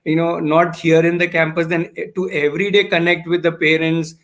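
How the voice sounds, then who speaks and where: Man, fairly high pitch, thoughtful, casual conversation, restarts often. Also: level tone, moderate pace, fairly bright tone. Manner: thoughtful, explains with examples, frequent restarts. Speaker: founder of a learning community, guest.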